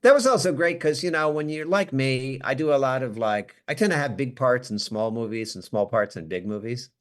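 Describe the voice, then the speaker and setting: A man's voice: medium pitch, a little fast. A man guesting on a podcast, chatting casually and telling self-deprecating stories with an American accent. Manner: animated, self-deprecating storyteller who acts out quotes. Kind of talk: casual interview chat.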